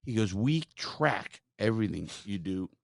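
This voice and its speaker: A man hosting a podcast, telling stories in a profane, animated way and quoting others as he goes. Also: lowish voice, measured pace, creaky, no room sound, studio quality. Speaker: podcast host. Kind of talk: casual storytelling chat.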